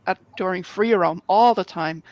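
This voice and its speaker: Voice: mid-range voice, moderate pace, a little mellow, poor audio. A speaker on a panel discussion who talks hesitantly, with many restarts.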